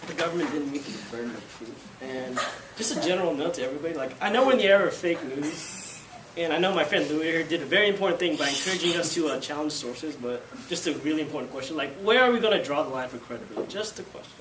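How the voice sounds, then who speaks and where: A man's voice: fairly high pitch, quick pace. Casual young man, distant in echoey room. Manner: casual, laughing, filler-heavy. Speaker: student. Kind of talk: peer feedback. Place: classroom. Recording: echoey, distant, noisy classroom recording.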